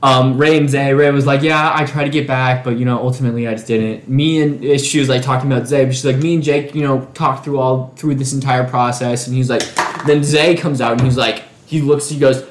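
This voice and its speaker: A man's voice: medium pitch, fairly even intonation, a little fast. A man in casual chat, retelling reality show drama with many restarts. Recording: echoey room.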